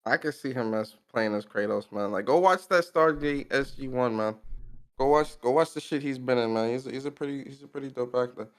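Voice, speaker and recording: A man's voice: mid-range voice, fairly quick. Laid-back blunt man on a podcast. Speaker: podcast co-host. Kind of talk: casual gaming podcast chat.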